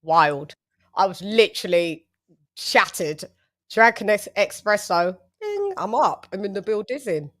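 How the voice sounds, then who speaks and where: A woman's voice: medium pitch, measured pace, fairly bright tone. Playful woman hosting a livestream. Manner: playful, sing-song hype introductions. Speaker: host. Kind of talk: casual livestream chat.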